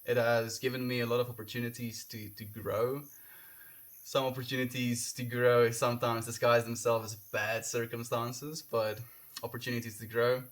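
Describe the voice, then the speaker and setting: A young man, raised speaking Afrikaans, chats loosely with his live-stream audience. His voice sits at an ordinary middle pitch, and he gushes with thanks between comments. He is outdoors, talking casually and sincerely. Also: flat delivery, normal speed, fairly bright tone. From South Africa. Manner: gushing, heartfelt, reads chat comments aloud. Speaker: livestreamer. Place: outdoors, windy.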